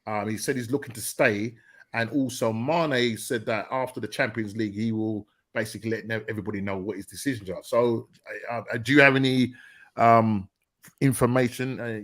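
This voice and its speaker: A man hosting a relaxed football chat podcast, his pitch sitting in the middle of the male range. He teases his co-hosts and repeats himself until he gets the floor. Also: brisk. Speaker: podcast host.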